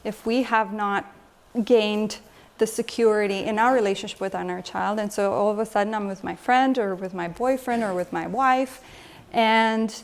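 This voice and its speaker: Woman coach leading an interactive talk. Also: medium pitch. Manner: engaging, asks the audience questions. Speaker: emotional health coach. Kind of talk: lecture with audience exchange. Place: lecture room with audience.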